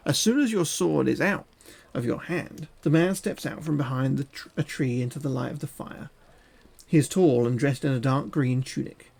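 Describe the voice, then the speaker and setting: A man's voice: fairly high pitch, creaky, darkish tone, husky. A man streaming, reading a gamebook aloud and making crude, joking asides.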